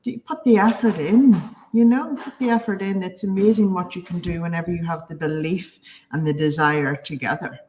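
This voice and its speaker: A woman's voice: on the low side, moderate pace, darkish tone, slight background noise, poor audio. Encouraging woman interview host. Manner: affirming, encouraging. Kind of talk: live interview conversation.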